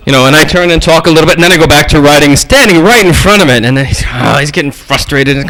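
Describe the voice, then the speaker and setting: A man's voice: a little high, quick pace, few pauses, rough recording. A man lecturing a workshop, telling humorous stories, acting out voices and swearing casually as he speaks to the audience. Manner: animated storytelling, acts out voices, casual swearing; addresses the audience directly. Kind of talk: humorous teaching anecdotes.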